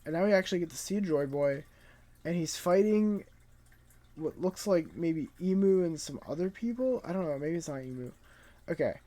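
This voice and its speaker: A man's voice: a little high, animated, moderate pace, warm tone. A man reviewing a comic chapter in casual, rambling commentary, laid-back and profane, sounding tired late at night.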